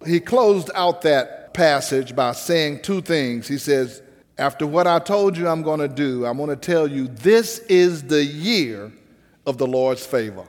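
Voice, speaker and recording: Slow-preaching pastor in an echoing hall. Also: male voice, on the high side. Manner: preaching with rising emphasis and pauses. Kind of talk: sermon.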